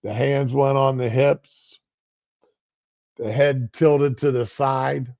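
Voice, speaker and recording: A man's voice: mid-range voice, fairly even intonation, takes it slowly, creaky, darkish tone. A middle-aged man giving casual political commentary on a livestream, rambling and conversational. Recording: lo-fi stream audio.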